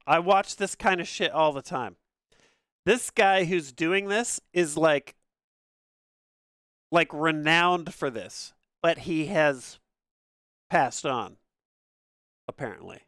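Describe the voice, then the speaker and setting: A man's voice: on the high side, animated, slow, long pauses, fairly bright tone, no echo, clean studio sound. A man streamer chatting casually and reacting aloud as he plays a game. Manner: rambling, reacting aloud while gaming. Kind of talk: casual livestream chat.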